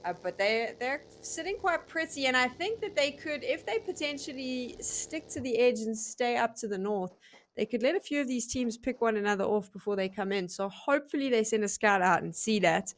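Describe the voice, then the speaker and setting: A woman's voice: fairly high pitch, animated, normal speed, a little hiss or hum. A woman casting an esports match, mixing analysis with chatty, self-deprecating banter. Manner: chatty, self-deprecating, laughs at her own slips. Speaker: esports caster. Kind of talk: play-by-play and analysis commentary.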